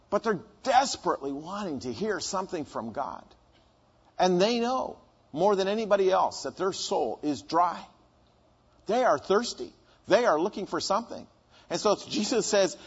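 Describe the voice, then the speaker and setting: A man's voice: high-pitched, sing-song, normal speed, husky, highs cut off. A man preaching a conversational sermon, asking his congregation questions and answering them himself.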